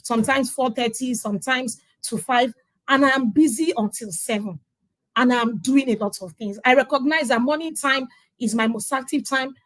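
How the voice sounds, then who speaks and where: A middle-aged Nigerian woman with a high, slightly bright voice speaks at normal speed; the audio is poor but has no echo. Guesting on an interview, she gives a conversational testimonial about parenting, emphatic and acting out the dialogue she quotes.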